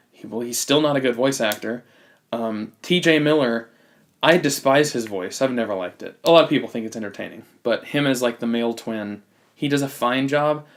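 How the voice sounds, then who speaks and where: A man with a mid-range voice chats casually about a film on a podcast. He is blunt and opinionated, often stumbling and restarting his phrases. He keeps an everyday conversational tone. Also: medium pitch. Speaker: podcast host. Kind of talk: casual movie review chat.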